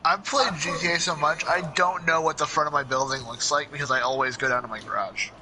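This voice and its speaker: A man's voice: a little high, fairly even intonation, fast talker. A young man co-hosting a gaming video, chatting casually with jokey asides. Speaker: co-host playing the game. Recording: game crowd noise behind.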